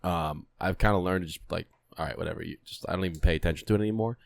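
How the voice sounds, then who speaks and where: A man's voice: low voice, rapid-fire, creaky. A young man co-hosting a podcast, ranting bluntly with swearing in casual chat. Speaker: podcast co-host.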